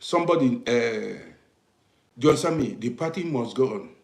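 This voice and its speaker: A man from Africa with an African English accent, hosting a livestream and talking to his viewers in an emphatic way, checking that they understand and breaking into loud bursts. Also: mid-range voice, animated, normal speed, gravelly, roomy sound. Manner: emphatic, repeats "do you understand me", swings from quiet to loud bursts. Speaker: livestream host. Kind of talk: live-streamed commentary to viewers.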